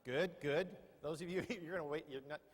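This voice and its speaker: Middle-aged male keynote speaker, high-pitched, playful and teasing, with long hall reverb. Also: fairly quick, slightly rough. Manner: joking, quizzes the audience. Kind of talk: humorous keynote talk. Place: large lecture hall.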